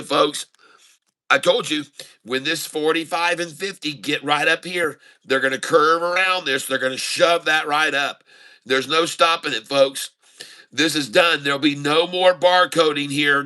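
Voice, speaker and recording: A man giving excited running commentary on his live day trades, calling out prices and talking to viewers as folks. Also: fairly high pitch, smooth. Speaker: day-trading streamer.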